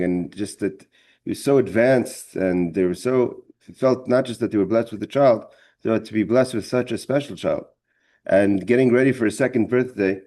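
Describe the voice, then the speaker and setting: Low, mellow male Torah teacher. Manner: halting, repeats words, many fillers. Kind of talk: storytelling in a religious class.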